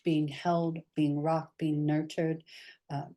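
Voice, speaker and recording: A woman with a low, grounded voice leads a somatic therapy session. She talks candidly and gently, often dropping soft and quiet as she guides the group. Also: little pitch movement, unhurried.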